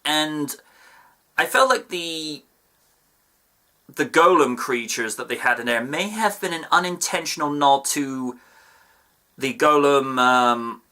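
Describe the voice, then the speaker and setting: Chatty man with a bright voice. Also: on the high side, expressive, slow pace, pauses often. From United Kingdom. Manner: chatty, with playful asides and digressions. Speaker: episode reviewer. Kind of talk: casual video review.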